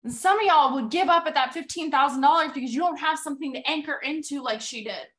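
High bright animated woman. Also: quick pace. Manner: animated storytelling, retelling scenes with quoted dialogue; emphatic, repetitive for effect. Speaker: podcast host. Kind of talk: motivational podcast monologue.

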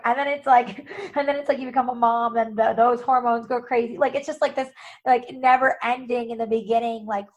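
A heavily pregnant woman hosting a casual chat, rambling with many likes. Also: fairly high pitch. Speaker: podcast host. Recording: dull muffled audio.

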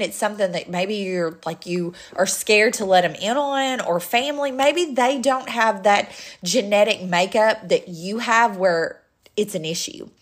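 Woman, earnest personal talk, repeats herself for emphasis, steady middle pitch.

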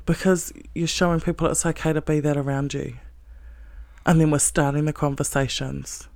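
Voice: mid-range voice, little pitch movement, normal speed, vocal fry, darkish tone, dry recording. A self-help speaker giving a blunt, heavily profane motivational monologue, earnest and emphatic, with short laughs.

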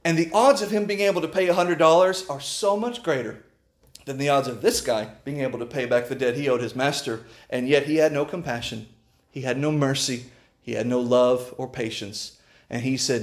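A man preaching a sermon and telling stories. He drops low and hushed, then rises loud and urgent. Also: steady tone, brisk. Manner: storytelling.

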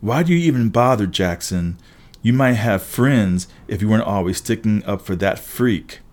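A man's voice: on the low side, lively intonation, normal speed, darkish tone, close to an everyday voice. A man voicing a mocking, taunting teenage boy bully. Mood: sneering.

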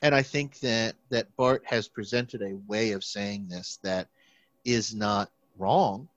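Speaking slowly in a lowish voice, a young theology student wanders through a casual podcast conversation, filling it with restarts and fillers. He livens up whenever he quotes someone, and the dry recording sounds slightly dull.

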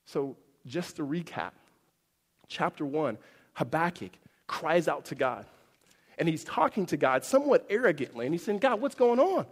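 High-voiced man preaching in a hall. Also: normal speed, husky. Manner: animated, acts out quoted voices with big pitch swings. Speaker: pastor. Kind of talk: sermon.

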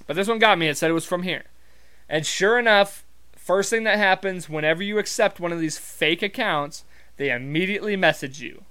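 Montana guy, casual wry storyteller, somewhat high, smooth resonant voice, swears freely. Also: fairly quick, sharp tone. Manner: rambling, profane, wry, with many fillers.

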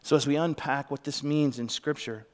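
A man's voice: a little high, fairly even intonation, moderate pace. A middle-aged man giving a sermon as a pastor, telling a heartfelt story and sometimes dropping to a whisper. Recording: long reverb of a large hall.

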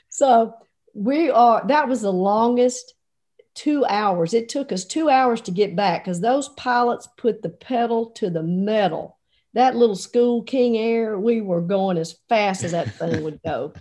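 Brief: woman, slightly high voice, animated storyteller who acts out the dialogue. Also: normal speed. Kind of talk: casual anecdote.

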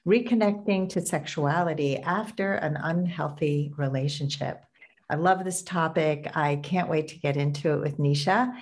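A middle-aged woman hosting a dating podcast, talking in an earnest, emphatic way with pauses and restarts. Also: sits low, darkish tone. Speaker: podcast host and dating coach. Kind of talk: podcast intro and interview.

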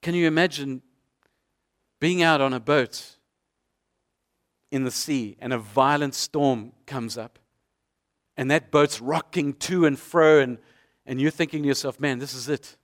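A man's voice: a little high, unhurried, long pauses. A man preaching a sermon as a pastor, painting vivid scenes through repeated rhetorical questions.

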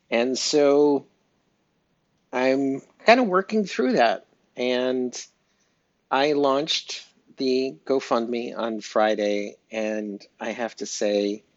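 A man speaking slowly and haltingly in a heartfelt personal audio diary, with many pauses and fillers. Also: fairly low pitch, no room sound. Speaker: pet owner sharing an update. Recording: dry, dull lo-fi recording.

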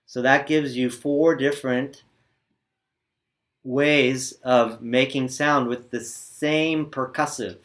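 A man's voice: mid-range voice, steady tone, takes it slowly, fairly bright tone. A man teaching pronunciation in a spoken lesson, patiently demonstrating each sound and often checking in with the class. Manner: frequent "right?" check-ins. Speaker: language teacher.

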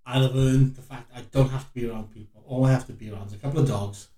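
A man's voice: medium pitch, steady tone, quick pace, mellow, far from the mic. A British man co-hosting a podcast in casual chat, swearing freely and teasing his co-host. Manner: sweary, banterous, mock-insulting. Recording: roomy, off-mic sound.

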